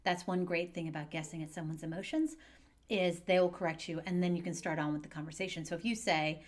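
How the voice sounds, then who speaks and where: A woman coaching parents through divorce in a calm, gentle and measured way, speaking straight to her viewers in an advice video. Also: lowish voice. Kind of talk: direct-to-camera advice video.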